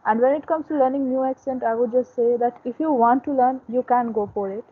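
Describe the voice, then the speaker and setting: Indian-accented woman, Hindi native, slightly husky, earnest, on a tinny video-call line. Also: a little high, fairly even intonation, brisk. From Uttar Pradesh, India. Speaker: English learner in group discussion. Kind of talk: casual discussion. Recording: tinny phone-like call audio.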